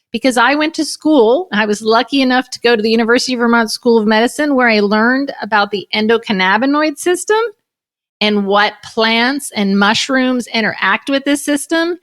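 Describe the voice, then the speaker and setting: Woman hosting a podcast, kinda high voice, talks emphatic and passionate, piles up lists. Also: fairly bright tone. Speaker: podcast host. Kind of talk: podcast interview.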